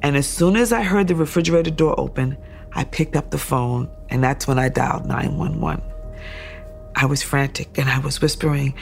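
A woman's voice: rumbling low, normal speed, vocal fry. A woman giving documentary testimony, steadily retelling events in close detail and acting out remembered thoughts and dialogue. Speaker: survivor telling her story.

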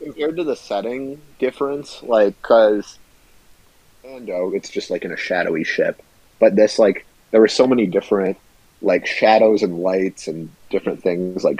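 Deep, husky young man on lo-fi audio. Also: normal speed, warm tone, dry recording. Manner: laid-back, filler-heavy rambling. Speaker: podcast co-host. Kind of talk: casual chat. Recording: dry, slightly muffled lo-fi audio.

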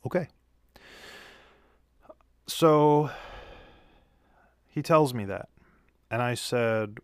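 A man's voice: mid-range voice, very slow, long pauses, clear, resonant tone, dry recording, studio quality. A tired man after work, telling a rambling, profane story into a handheld mic with a pop filter, often correcting himself. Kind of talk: casual storytelling monologue. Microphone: handheld studio mic with pop filter.

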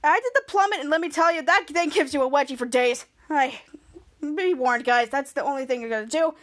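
A woman's voice: high-pitched, brisk, a bit bright. A woman hosting a podcast and recapping a TV episode in a chatty, rambling way, with gushing sign-offs to listeners. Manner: chatty, rambling, with frequent restarts. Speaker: podcast host.

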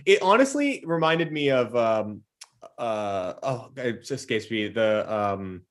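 A man's voice: medium pitch, slow pace. A male podcast co-host chatting casually and loosely. He tosses in joking asides with a bit of swearing, in an easy conversational tone. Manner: relaxed, joking, profane asides.

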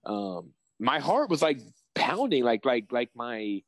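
A young man, a professional fighter, chatting casually in an interview and telling rambling, excitable, profane stories. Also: mid-range voice, slow pace, no room sound, low-quality recording.

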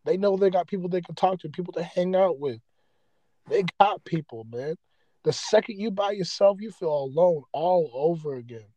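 A man's voice: sits high, animated, normal speed, mellow, dry recording, poor audio. A man hosting a podcast, ranting with heavy profanity and raw emotion in a rambling, casual way. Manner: impassioned, heavily profane, rambling. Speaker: podcast host.

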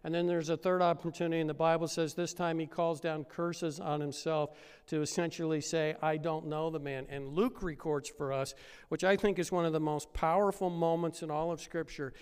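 A pastor preaching a sermon, retelling a story and building up to loud, emphatic peaks. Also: male voice, fairly high pitch, steady tone, moderate pace, clear, resonant tone, long reverb tail.

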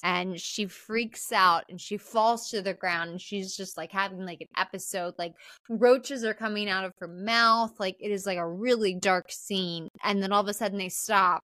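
Her voice is bright and forceful, recorded close and dry. She gushes through a casual film recap as a podcast co-host, peppering it with "like" and swear words. Her tone is animated and unfiltered. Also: medium pitch, moderate pace, dry recording. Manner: animated, swearing, filler-heavy "like".

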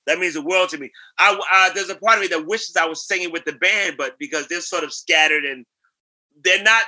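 A man from New York spins lively anecdotes as an interview guest, slipping into other people's voices as he goes. His voice sits high for a man and sounds very bright and forceful. The storytelling is animated and casual. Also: a little fast. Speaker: guest, singer and actor.

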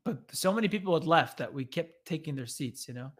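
A man's voice: fairly high pitch, a little fast. A man hosting a podcast, telling a rambling comic story with swearing, recorded remotely through an online studio. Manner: rambling, animated, swears freely. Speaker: podcast host. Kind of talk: casual comedic storytelling.

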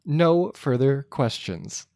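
A man co-hosting a casual movie review podcast, cracking dry, deadpan jokes. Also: medium pitch, slow, no room sound. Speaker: podcast co-host.

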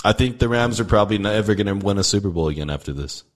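A man's voice: on the low side, lively intonation, fast. A young man co-hosting a podcast in loose, profane, rambling casual chat. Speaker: podcast co-host.

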